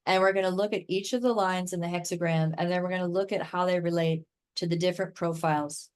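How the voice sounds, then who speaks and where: An enthusiastic American woman talks on a podcast as a guest expert. Her voice sits fairly low. She rambles in long, casual runs and keeps checking in with "right?". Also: fairly even intonation, quick pace, clear, resonant tone. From United States. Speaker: guest expert in human design.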